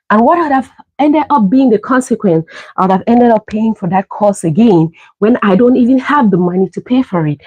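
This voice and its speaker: A middle-aged woman telling a personal story on a livestream, lively and laughing often as she acts out the dialogue. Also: mid-range voice, slightly rough, dry recording, rough recording. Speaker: livestream host. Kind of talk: casual storytelling.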